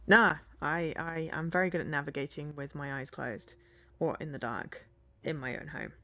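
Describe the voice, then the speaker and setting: A woman's voice: sits low, gravelly. A woman streaming from home, chatting casually with her viewers, rambling, laughing often and humming bits of songs.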